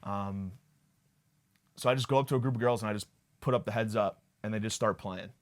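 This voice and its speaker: Low-voiced man doing crude comic rambling. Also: brisk. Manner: crude, sarcastic, rambling with fillers. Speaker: podcast host. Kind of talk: comedic monologue.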